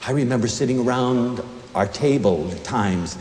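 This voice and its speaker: Male inspirational lecturer, mellow tone, very animated pitch, long hall reverb. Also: moderate pace. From United States. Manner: emotional and expressive, swinging between hushed and emphatic. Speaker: university lecturer and inspirational speaker. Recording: echoey lecture hall recording.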